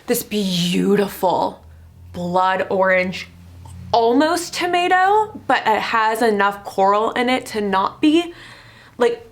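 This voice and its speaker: Chatty, excitable young woman vlogger. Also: medium pitch. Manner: chatty and excitable, full of "like" fillers. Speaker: fashion vlogger. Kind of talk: casual fashion commentary.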